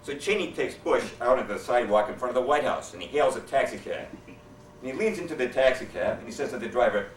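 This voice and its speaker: A man doing a stand-up routine, telling jokes with deadpan setups and quoted character voices. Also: mid-range voice, fast talker, a little hiss or hum. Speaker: stand-up comedian. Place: hotel meeting room. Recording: echoey hall from far off. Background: audience laughter.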